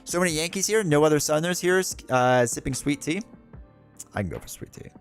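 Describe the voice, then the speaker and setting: A man's voice: a little high, expressive, fairly quick, gravelly, faint music behind. A man chatting casually with viewers on a livestream, rambling through stories and laughing often. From United States. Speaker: streamer.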